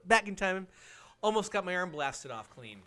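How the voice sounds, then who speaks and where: Bright-voiced man co-hosting. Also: high-pitched, big pitch swings, normal speed. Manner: chimes in with short asides and reads chat. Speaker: podcast co-host. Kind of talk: casual live-stream chat.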